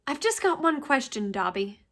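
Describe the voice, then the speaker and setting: A woman's voice: high voice, sing-song, moderate pace, fairly bright tone, full character voice. A woman reading the lines of a young boy wizard, with her own voice kept plain and dry.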